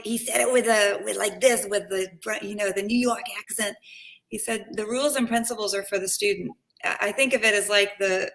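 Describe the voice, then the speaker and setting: A woman guesting on an art talk, lively, laughing often and saying "like" a lot. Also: mid-range voice, creaky. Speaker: guest painter.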